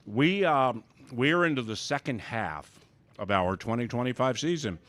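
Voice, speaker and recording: A man's voice: medium pitch, expressive, unhurried, fairly bright tone. A man hosting a casual racetrack show, chatty and upbeat with lots of fillers. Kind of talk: casual on-air chat.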